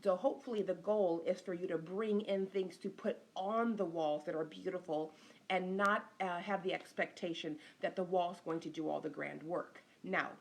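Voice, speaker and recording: A woman's voice: lowish voice, fairly even intonation, moderate pace. A middle-aged woman, an interior designer, giving a casual live-stream lesson, chatting and greeting viewers by name as she goes.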